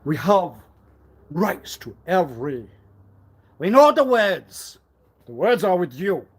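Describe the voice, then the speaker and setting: A man rambling on a live stream, repeating himself and swinging suddenly between loud and quiet. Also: high-pitched, sing-song, slow, slightly rough. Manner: erratic, repetitive, with sudden swings in loudness. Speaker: livestreamer.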